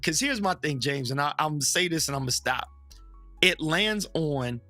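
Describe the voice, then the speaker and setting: Animated, bright-voiced preacher man talking frankly. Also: on the high side, no room sound. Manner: animated, acts out other people's voices; frank and joking, drops into slow emphatic phrasing. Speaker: guest, Baptist preacher. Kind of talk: casual opinionated chat.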